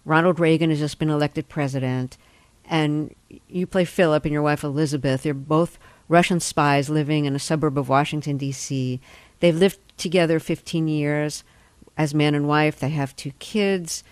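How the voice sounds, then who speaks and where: A woman interviewing an actor, asking measured, precise questions. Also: sits low, steady tone, darkish tone, no echo.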